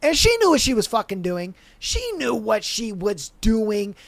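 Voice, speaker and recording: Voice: medium pitch, unhurried, no room sound. Profane ranting podcast host, dry close mic. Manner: profane, animated, slangy ranting. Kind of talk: casual reality-TV recap rant.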